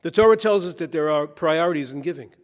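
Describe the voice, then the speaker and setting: A man's voice: fairly high pitch, fast talker. A man delivering a conference keynote speech, weaving jokes and anecdotes into a preacher-like cadence. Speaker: keynote speaker. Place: conference hall. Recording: long reverb in a conference hall.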